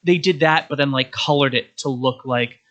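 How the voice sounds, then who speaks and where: A young adult man in casual chat, rambling and halting, with many restarts as he recounts his day. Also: medium pitch, fairly bright tone. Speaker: podcast guest.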